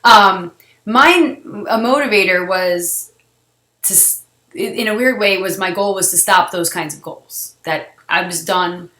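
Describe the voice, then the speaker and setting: A woman's voice: medium pitch, a little slow, pushed and bright. A woman in her thirties, a blogger answering reader questions in casual talk to camera, chatty with frequent laughs and fillers. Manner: chatty, laughs often, emotional at times, lots of fillers. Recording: echoey room.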